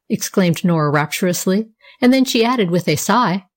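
A woman narrates a children's story aloud in a steady, clear manner, her voice sitting at an ordinary middle pitch. It is a volunteer audiobook reading, unhurried and plain.

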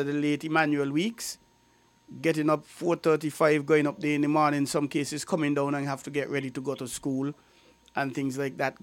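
A man's voice: on the high side, dry recording. A man hosting a radio talk show, asking his guest leading questions. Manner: leading questions, quick interjections. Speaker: radio host.

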